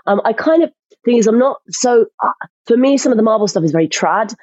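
An actress chatting as a guest in an interview, telling lively stories with lots of restarts. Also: female voice, fairly high pitch, quick pace, no echo, dull audio. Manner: animated storyteller, frequent restarts. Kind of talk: casual interview chat.

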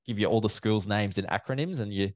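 Talking at a quick pace with a voice on the low side, a male event MC and commentator tells stories in a relaxed interview. He's chatty and animated, acting out quoted exchanges, and the clean studio recording has no echo.

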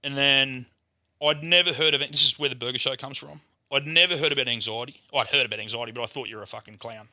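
A man's voice: mid-range voice, quick pace, pushed and bright, dry recording, clean studio sound. An Australian man telling a rambling, swear-filled story as a guest on a casual podcast chat.

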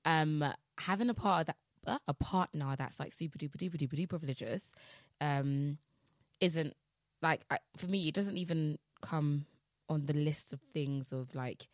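Young woman, low-pitched, podcast co-host, loose rambling delivery full of fillers, dry sound. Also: moderate pace, dry recording. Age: young adult. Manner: rambling, many fillers and restarts. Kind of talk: casual chat.

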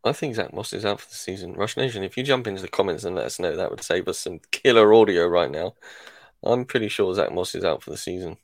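A man's voice: deep voice, fast talker, vocal fry, dry recording. A man co-hosting a fantasy football podcast, leading the chat with wry questions. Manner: wry, leads the segment with questions.

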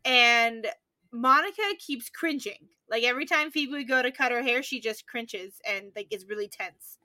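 A woman's voice: fairly high pitch, normal speed, sharp tone. A woman co-hosting a podcast, recapping a sitcom episode in casual chat and laughing often as she narrates. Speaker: podcast co-host.

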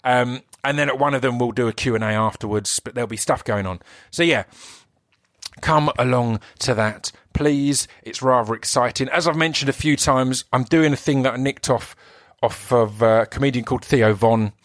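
A man's voice: mid-range voice, moderate pace, no room sound, clean studio sound. A man with an Essex accent hosting his own podcast in an enthusiastic, rambling way, often breaking off and restarting. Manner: enthusiastic, rambling, self-interrupting. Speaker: podcast host and actor. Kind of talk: solo podcast intro.

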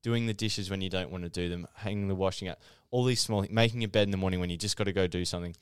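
Young guy on a podcast, low smooth voice, earnest and explaining stuff, dry close mic. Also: fairly even intonation, dry recording. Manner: earnest, explanatory, fast in bursts. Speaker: podcast co-host. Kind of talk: casual podcast chat.

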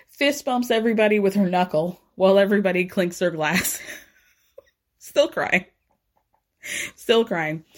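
A woman casually recapping a reality show, sarcastic and chatty, acting out what people said. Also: medium pitch. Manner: chatty, sarcastic, quotes people in her own voice.

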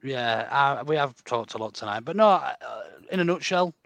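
A man co-hosting a casual podcast, laid-back and quick with mocking banter. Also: medium pitch, lively intonation, gravelly, a bit bright, no echo. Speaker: podcast co-host. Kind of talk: casual chat.

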